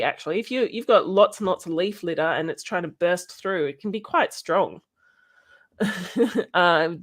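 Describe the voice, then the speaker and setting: A woman hosting a casual educational chat, halting often with ums and restarts and laughing now and then. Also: fairly low pitch. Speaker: podcast host.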